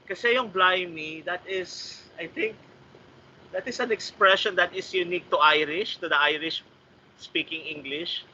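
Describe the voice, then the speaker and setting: A Filipino-accented man with a high, pushed, bright voice trains a writing workshop over a video call. He gives polite feedback, mixing English and Tagalog and reading sentences aloud slowly, in slightly muffled call audio with faint noise.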